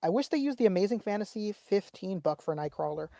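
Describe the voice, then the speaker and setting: A woman's voice: mid-range voice, lively intonation, quick pace, gravelly, mellow, dry recording, clean studio sound. Rambling woman hosting a casual chat. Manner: rambling, repeats phrases. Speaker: podcast host reading viewer chats. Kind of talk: casual toy-collector chat.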